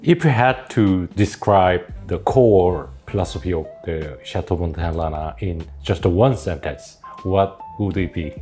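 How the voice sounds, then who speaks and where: A man who is a native Korean speaker hosting an interview, asking short, slightly halting questions between quiet backchannels. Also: low voice, faint music behind. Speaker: interview host.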